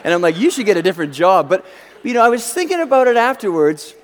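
A middle-aged man preaching a sermon, telling stories with lively acted-out quotes and frequent restarts. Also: high voice, fast. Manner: animated storyteller, acts out quotes, frequent restarts. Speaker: pastor. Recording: long hall reverb.

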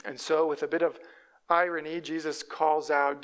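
A man's voice: a little high, little pitch movement, normal speed, a bit bright. A man preaching a sermon as a pastor, walking through a Bible passage and acting out the people he quotes. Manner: storytelling preacher who voices quoted speakers.

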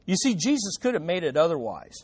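A man's voice: fairly high pitch, big pitch swings, a little fast. A man preaching a sermon as pastor, emphatic and repeating key phrases for effect. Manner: quotes imagined voices with dramatic swings in loudness.

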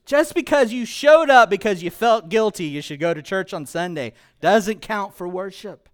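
A man preaching a sermon as pastor, joking and playful, swinging between hushed and loud, emphatic delivery. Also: high-pitched, animated, moderate pace.

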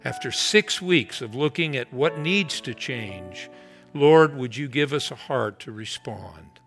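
A man with a bright, forceful voice preaches with earnest emphasis, leaning hard on key words. Soft music sits faintly behind him. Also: mid-range voice, expressive. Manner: earnest, emphatic preaching with slow prayerful stretches. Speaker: pastor. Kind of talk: sermon with closing prayer.

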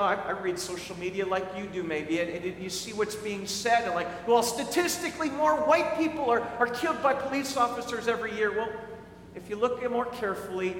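Earnest pastor guy, highish voice, stumbles on repeats, church hall echo. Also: a bit bright, slight background noise. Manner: earnest, repeats words when starting sentences. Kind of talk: sermon. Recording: echoey hall with faint ambience.

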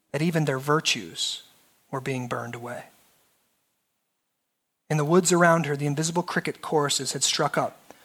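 Man teacher with a high voice, reads a story aloud in an expressive, dramatic way. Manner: expressive, rising to dramatic emphasis. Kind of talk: lecture with dramatic reading aloud.

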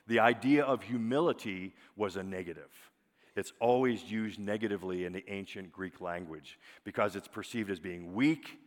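A man preaching a sermon as pastor, emphatic, often dropping to a soft, drawn-out single word for weight. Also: fairly low pitch. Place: church sanctuary. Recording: long hall reverb.

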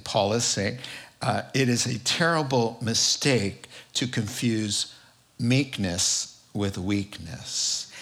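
A man preaching a sermon in an animated, jokey way, acting out quotes with big swings in his voice. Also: mid-range voice.

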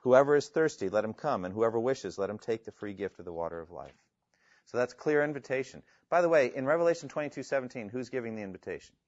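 A man lectures a class on evangelism, often pausing to read Bible verses aloud with rising emphasis. His voice sits at a middle pitch and sounds dry and close, with a slightly muffled, lo-fi quality. He turns to the class with questions now and then. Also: animated, darkish tone, no room sound. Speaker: evangelism instructor. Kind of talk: classroom lecture with scripture reading.

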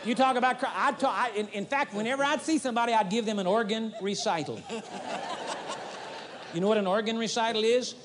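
A high-pitched male preacher delivers a folksy, animated sermon, acting out little scenes. The 1980s live recording from a large arena carries a long, lingering reverb. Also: brisk, background noise.

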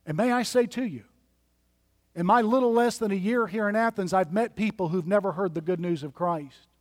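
A man with a high voice preaches a sermon in an emphatic, list-driven way. His words ring out with a long reverb from the church sanctuary around him. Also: a little fast. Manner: emphatic preaching with repeated lists. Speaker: pastor.

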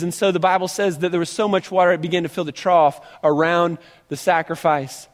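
A man preaching a sermon, reading scripture aloud and retelling it in an animated, conversational way with frequent restarts. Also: high-pitched, brisk, in a large hall.

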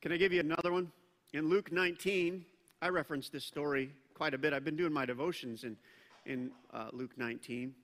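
A man preaching a sermon as pastor, animated and acting out the voices he quotes. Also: a little high, a little fast. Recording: long reverb of a large hall.

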